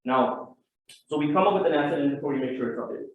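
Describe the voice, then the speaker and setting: A man's voice: fairly high pitch, fast talker. A man who works as an estate planning attorney, giving a conversational seminar talk and often checking in with "right?". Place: community event hall. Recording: very echoey room, far from mic, dull sound.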